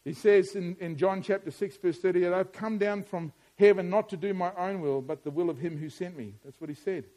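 A middle-aged man preaching a sermon, moving from quiet musing to loud, emphatic preaching. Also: high voice, brisk.

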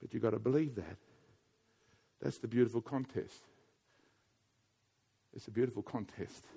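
A man preaching a sermon, swinging between quiet intimate passages and loud emphatic urging, often repeating his points. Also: medium pitch, moderate pace, vocal fry, breathy edge. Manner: wide swings from hushed to loud, emphatic repetition.

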